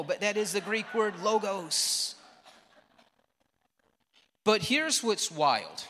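A man preaching a sermon as pastor, conversational, with dramatic pauses, acting out the lines of the people in the story. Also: high voice, bright, forceful tone. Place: church sanctuary. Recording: reverberant church hall.

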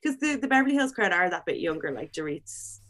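A young woman with a slightly low voice talks in a loose, gushing way and giggles often between her words. Her chat runs on with fillers and bursts of excitement. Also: brisk. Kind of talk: casual chat.

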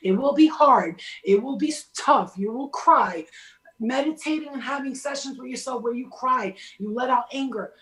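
A woman's voice: sits high, moderate pace, a bit bright, reverberant, rough recording. A woman giving casual spiritual advice in a blunt, emphatic way, swearing freely as she talks.

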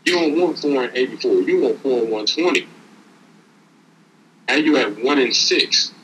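A man's voice: medium pitch, expressive, normal speed, a bit bright, slight background noise, poor audio. A man giving casual, streetwise motivational talk as a podcast co-host, preaching and repeating words as he builds each point.

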